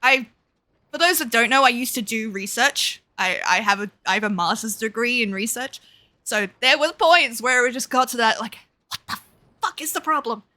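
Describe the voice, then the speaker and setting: A woman streaming a game, reacting out loud and swearing a lot in casual commentary. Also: on the high side, normal speed.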